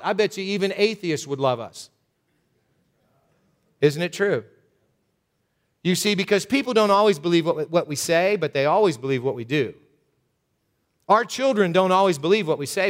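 Conversational man preaching a sermon. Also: a little high. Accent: Western Pennsylvania. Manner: conversational preaching, rhetorical questions to the congregation. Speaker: pastor. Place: church sanctuary.

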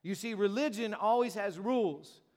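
A man's voice: high voice, normal speed, darkish tone, long reverb tail. A man preaching a sermon as pastor in a conversational way, acting out the voices of people in the story he tells. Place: church sanctuary.

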